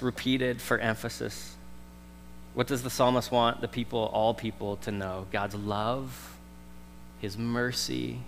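A man in his thirties preaching a conversational sermon, jumping from loud emphasis to soft, slow stressed words. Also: medium pitch, big-room sound, a little hiss or hum. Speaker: pastor. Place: church sanctuary.

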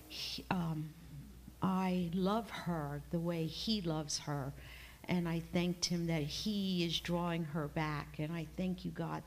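Woman with a lowish voice, rambling testimony. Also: a little hiss or hum. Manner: rambling, halting, with many fillers and restarts. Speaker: class member giving a testimony. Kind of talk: emotional personal testimony. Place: church classroom.

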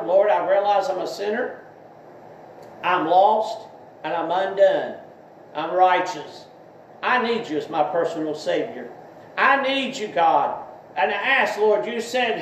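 A man, preaching an online sermon and altar call with fervent, rising repetitions. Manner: fervent preaching, rising in pitch on repeated phrases. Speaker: pastor. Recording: distant roomy lo-fi recording with faint hiss.

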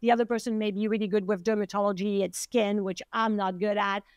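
A woman's voice: medium pitch, steady tone, fairly quick, clean tone, no echo. A middle-aged woman with a French accent, hosting a casual podcast chat and animatedly acting out the voices she quotes. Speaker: podcast host, acupuncturist.

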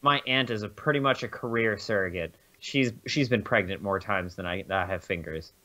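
A young man co-hosting a podcast, giving opinions in a rambling, halting way full of restarts. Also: on the low side, bright, forceful tone. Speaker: podcast co-host. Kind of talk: casual chat. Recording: dull lo-fi mic.

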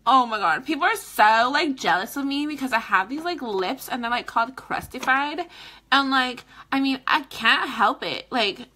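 A woman's voice: high voice, lively intonation, moderate pace, sharp tone. A woman who is a mother, vlogging live in a casual, dramatic way with squeals, laughter and cursing. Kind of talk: casual livestream chat.

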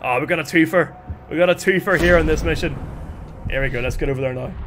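A man with a Northern Irish accent, commentating live on his gameplay in an excitable, chatty way, calling out to his viewers. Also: fairly high pitch, fast talker. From Northern Ireland. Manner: excitable, chatty, calls viewers lads and chat. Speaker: game streamer. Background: music.

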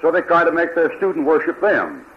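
A man's voice: on the high side, big pitch swings, a little fast. A man preaching a fiery Bible sermon, firing rhetorical questions and mocking the people he quotes. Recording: lo-fi archival sermon tape.

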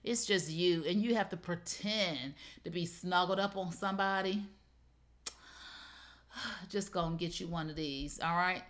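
A middle-aged woman hosting a live shopping show, pitching deals in a playful, chatty way and talking straight to her viewers. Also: measured pace, a bit bright.

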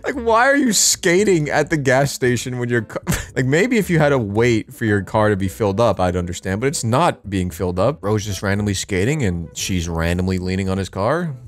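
A man's voice: lowish voice, animated, brisk, hardly any pauses. A man reacting to online videos in casual, sarcastic commentary, swearing freely.

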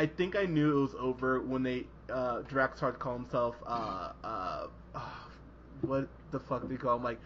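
A man's voice: medium pitch, slight background noise. A man reviewing a movie on a podcast in casual, profane chat, rambling and laughing as he quotes scenes. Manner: rambling, laughing, quoting in animated voices. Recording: dull lo-fi podcast audio.

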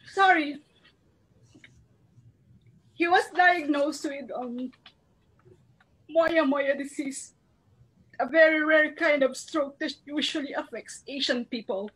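A woman's voice: high voice, slow pace, a bit bright, poor audio. A woman from the Philippines giving an earnest, emotional testimonial speech as a marketing director, holding back tears.

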